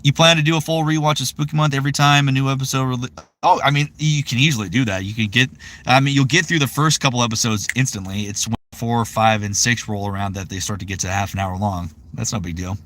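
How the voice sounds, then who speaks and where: A man's voice: medium pitch, fast talker, fairly bright tone. A man in his thirties chatting casually on a live stream, rambling with lots of fillers. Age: 30s. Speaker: voice actor streaming.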